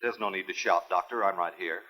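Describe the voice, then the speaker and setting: Curt, husky absent-minded scientist. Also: male voice, low-pitched, a little fast, dull audio. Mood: dry. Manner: dry, distracted and matter-of-fact. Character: absent-minded male geneticist, curt and dry. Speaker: lab assistant. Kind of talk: 1950s film acting.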